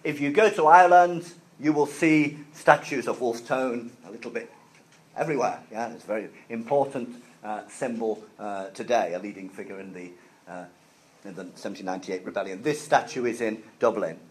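This is a classroom history lecture from a male teacher with a medium-pitched voice, recorded at low quality. He explains simply for learners in a halting way, leaning heavily on fillers and restarts.

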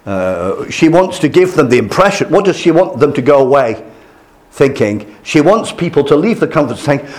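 Casting: older male lecturer, slightly high voice, very animated delivery, storyteller. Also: normal speed. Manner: lively, storytelling, acts out quoted voices. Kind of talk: classroom lecture.

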